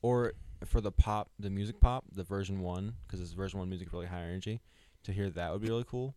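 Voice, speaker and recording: A man's voice: sits low, warm tone. A young man co-hosting a casual wrestling podcast with his father, chiming in eagerly as a fan. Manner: eager, quick agreeing fan talk. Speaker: podcast co-host, son.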